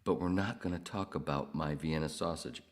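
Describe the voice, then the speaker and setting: A man's voice: extremely low pitch, moderate pace. A man hosting a podcast alone, reading the live chat aloud with crude, self-mocking jokes. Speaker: podcast host. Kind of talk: solo livestream chat reading.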